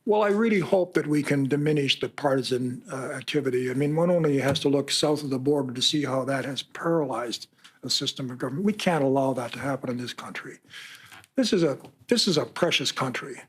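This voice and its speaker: A man from Canada answering reporters' questions at a press conference, earnest and measured, sometimes reading passages aloud. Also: medium pitch, breathy edge. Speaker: special rapporteur answering reporters.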